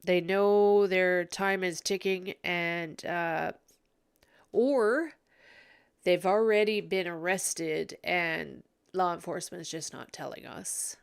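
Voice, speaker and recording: Slow, hesitant tearful woman. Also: lowish voice, steady tone, gravelly, clear, resonant tone. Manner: hesitant, many ums and restarts. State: tearful, sniffly. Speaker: psychic reader. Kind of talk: emotional psychic commentary vlog.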